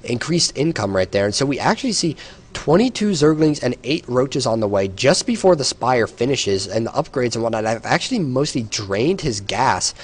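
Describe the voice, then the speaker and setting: Man, tired, esports caster, solo play-by-play, mid-pitched, explanatory. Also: very animated, moderate pace, breathy edge. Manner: tired, explanatory, with some hesitations. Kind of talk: solo play-by-play game commentary.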